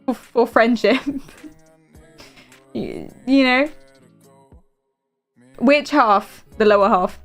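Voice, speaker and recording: A woman's voice: a little high, very slow, long pauses, soft background music. Giggly rambling British woman streamer. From Britain. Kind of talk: casual live-stream chat.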